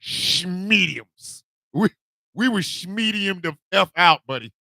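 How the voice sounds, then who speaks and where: A man hosting a morning radio show, telling comic confessions with put-on voices and loud, laughing bursts. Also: high voice, takes it slowly, vocal fry, no echo. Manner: animated storytelling with put-on voices. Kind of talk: comedic radio monologue.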